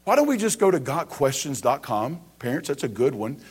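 A man's voice: medium pitch, very animated, fairly quick, breathy edge. A man in his thirties preaching as a pastor, building emphasis with rhetorical questions and casual asides. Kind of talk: sermon.

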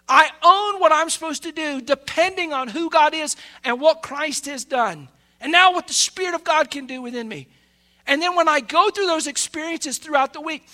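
A man preaching a fervent sermon as pastor, swinging between quiet asides and loud, raised bursts. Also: very high-pitched.

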